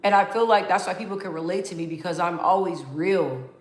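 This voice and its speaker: A woman's voice: on the low side, brisk. Young woman venting on her vlog, real and rambly, echoey room. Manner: candid, emotional, rambling with many restarts. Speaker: vlogger. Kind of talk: casual heartfelt vlog talk. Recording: roomy echo.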